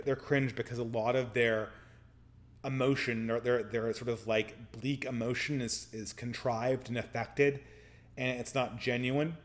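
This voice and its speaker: A man hosting a live podcast, answering viewer messages in loose, rambling talk full of restarts; he is tired and losing his voice. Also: medium pitch. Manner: rambling, frequent restarts and stammers. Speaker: podcast host reading super chats. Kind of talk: casual live-stream commentary.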